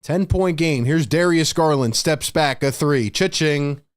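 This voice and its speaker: A man hosting a fan livestream, calling play-by-play in excitable, frustrated, slangy talk. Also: fairly high pitch, measured pace, clear, resonant tone, no echo, studio quality. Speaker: host and play-by-play commentator.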